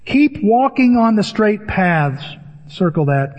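An older man preaching a sermon as pastor, telling stories in an animated way and acting out the voices of people in them. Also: a little high, a little slow, long reverb tail, lo-fi sound. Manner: animated storytelling with acted-out voices.

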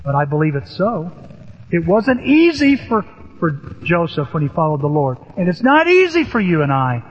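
A man's voice: on the high side, very animated, normal speed, a little hiss or hum. An older man preaching a sermon, telling stories animatedly with sudden rises in his voice. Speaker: pastor. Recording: echoey hall, dull lo-fi sound.

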